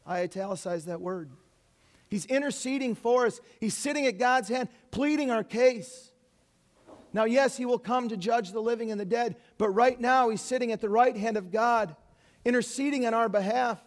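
Male pastor, high voice, earnest preaching with asides. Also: moderate pace. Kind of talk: Easter sermon.

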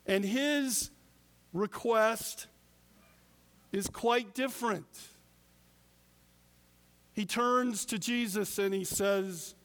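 A man preaching a sermon as pastor, deliberate with emphatic pauses. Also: sits high, fairly bright tone, in a large hall.

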